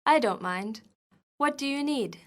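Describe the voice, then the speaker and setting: Woman for lesson dialogues: slightly high, clear, even reading. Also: measured pace. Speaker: dialogue reader for an English lesson.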